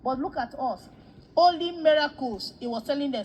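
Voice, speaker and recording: A woman preacher with a bright, high-pitched voice, delivering a testimony sermon about a vision. She tells the story with animation, slipping into the voices of the people in it and doubling her words for emphasis. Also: a little fast, slight background noise, rough recording. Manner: animated storytelling, acts out quoted dialogue.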